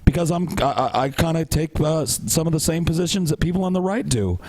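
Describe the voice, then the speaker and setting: A man's voice: on the high side, fast, darkish tone, no echo. A man co-hosting a podcast, talking casually with sarcastic, profane banter. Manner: sarcastic, profane, mocking impressions. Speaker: podcast co-host.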